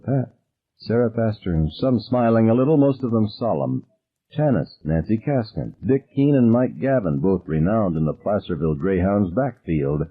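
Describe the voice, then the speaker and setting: Expressive male audiobook narrator with a low husky voice; tinny phone-like sound. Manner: dramatic and expressive.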